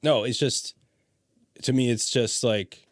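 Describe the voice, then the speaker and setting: A man's voice: mid-range voice, takes it slowly, no echo, studio quality. A man hosting a podcast, chatting casually, swearing freely and telling stories with laughter. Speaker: podcast host. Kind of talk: casual chat.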